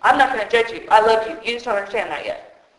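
A woman voicing a loving God who gently reassures his frightened child. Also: fairly high pitch, quick pace, natural voice. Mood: reassuring. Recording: echoey hall.

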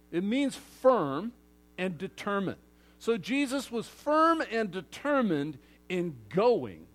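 A man preaching a sermon to his congregation in a lively way, acting out crowd voices and moving from loud outbursts to hushed asides. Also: high-pitched. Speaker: pastor.

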